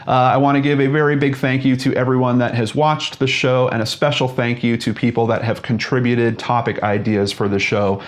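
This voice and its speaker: A man in his forties narrates a true-crime story as the host of his show. He reads a prepared script in a measured, earnest manner, with a voice that sits at an ordinary middle pitch.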